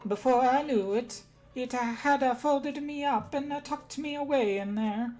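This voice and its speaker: A woman's voice: high voice, unhurried, a little mellow, faint music behind, pitched above the performer's own voice. A woman voicing a timid, kindly young man who hesitates with fillers as she reads a game's lines aloud. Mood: sheepish.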